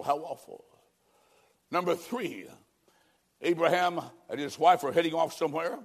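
A man preaching a sermon in an emphatic, dramatic way, swinging from loud declarations down to a near hush and acting out quoted figures in his own voice. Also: sits high. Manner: emphatic, dramatic delivery with sudden drops to a hush.

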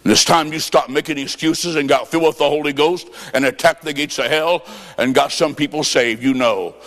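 A man preaching a revival sermon, telling a story and then calling people to prayer, with dramatic swings from quiet lines to shouting. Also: on the high side, brisk. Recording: long hall reverb.

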